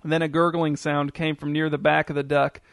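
A man narrating a scripted story with a steady, descriptive delivery. His voice sits a little higher than most men's. The recording is dry and close, with almost no room sound. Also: normal speed, vocal fry, clean tone, dry recording.

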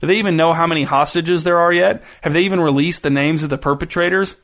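A man narrating an audiobook in a dry, deadpan way. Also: on the high side, brisk, creaky, hardly any pauses.

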